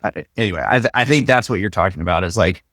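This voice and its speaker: A man's voice: low voice, quick pace, fairly bright tone, dry recording, studio quality. A man co-hosting a podcast, joking and telling stories in a loose conversational way. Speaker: podcast co-host.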